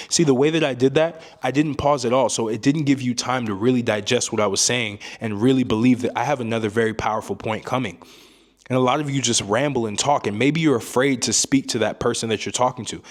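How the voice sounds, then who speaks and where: A man's voice: mid-range voice, fairly quick. A man giving a motivational speaking lesson as a communication coach, emphatic and repetitive, often ending points with a tag question.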